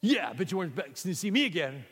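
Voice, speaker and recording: A man doing a squeaky, indignant George. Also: sing-song, rapid-fire, husky, big-room sound, heavily acted. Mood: exasperated. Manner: high-pitched, loud, indignant. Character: naive excitable young man, easily fooled.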